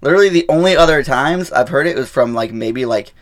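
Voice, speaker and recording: A man hosting his podcast alone in casual, rambling talk full of fillers and deadpan irony, recorded in a small booth at an airport. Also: medium pitch, fast talker. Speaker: podcast host. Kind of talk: casual solo podcast monologue.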